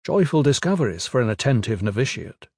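Guy reading a fantasy audiobook, mid pitch, measured, super dry close mic. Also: big pitch swings, a little mellow, breathy edge, no echo. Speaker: audiobook narrator. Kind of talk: scripted fantasy narration.

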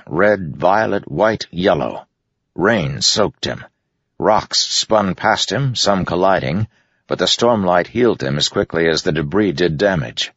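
Man, very deep voice, steady measured audiobook narration, dull lo-fi sound. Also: slightly rough, no room sound. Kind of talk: scripted fantasy narration. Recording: dull lo-fi dry audiobook recording.

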